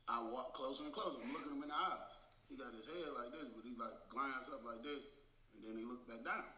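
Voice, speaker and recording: Bright-voiced man telling a story. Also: medium pitch, a little fast. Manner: animated, profane. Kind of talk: casual storytelling. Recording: echoey room, faint noise.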